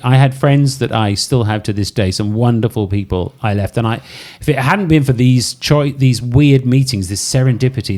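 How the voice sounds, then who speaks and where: A middle-aged Welsh man, a podcast co-host, telling a story in a lively, self-deprecating way. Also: mid-range voice. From Wales. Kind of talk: casual storytelling chat.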